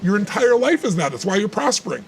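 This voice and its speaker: A man's voice: high-pitched, sing-song, fast, gravelly, a little hiss or hum. A man giving motivational talk in conversation, emphatic and repetitive, telling stories to make his point. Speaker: motivational speaker.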